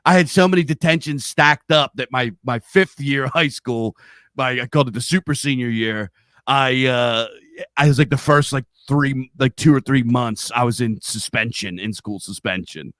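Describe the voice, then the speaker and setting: A middle-aged man with a Pennsylvania accent rambles through his stories and swears freely. His voice sits at an everyday pitch. The mic sound is close and dry, with no room around it. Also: moderate pace, fairly bright tone, dry recording. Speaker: podcast host. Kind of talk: casual chat. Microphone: studio mic on a live stream.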